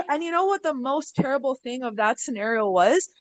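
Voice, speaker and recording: High-voiced woman telling a story, blunt, lots of swearing, dry close sound. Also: moderate pace, dry recording, low-quality recording. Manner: animated, acts out quotes with big pitch swings. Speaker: podcast guest. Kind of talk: storytelling in casual chat.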